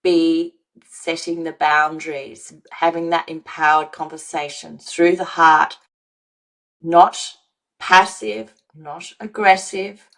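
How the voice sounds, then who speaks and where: A woman's voice: low-pitched, fairly even intonation, takes it slowly, low-quality recording. A woman who coaches emotional wellbeing and writes on it, a podcast guest giving a motivational teaching talk. She speaks earnestly and emphatically, repeats key words and acts out what example speakers might say.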